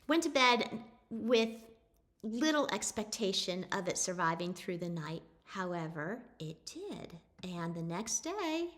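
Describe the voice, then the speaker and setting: A middle-aged woman telling an animal story in a casual, animated way, often restarting her sentences. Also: mid-range voice. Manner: chatty, animated, with frequent restarts.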